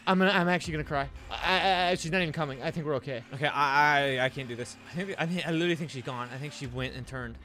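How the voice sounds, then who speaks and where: A young man giving casual commentary while playing a game, excitable and quick to jump into high yells. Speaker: gaming streamer.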